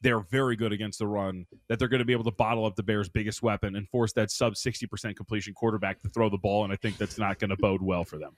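A man giving quick, opinionated football betting picks on a sports radio show, a little self-mocking. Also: lowish voice, fairly even intonation, no room sound. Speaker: sports betting analyst guest.

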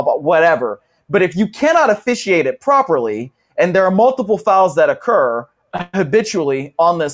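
A man joining a sports talk show as a guest analyst, making his case deliberately and repeating key phrases. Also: a little high. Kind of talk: casual sports talk by remote link.

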